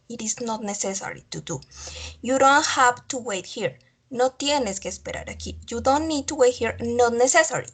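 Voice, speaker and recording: A woman with a high, husky voice teaches an online English grammar lesson. Spanish is her first language, and she repeats each example and checks understanding by asking "okay?".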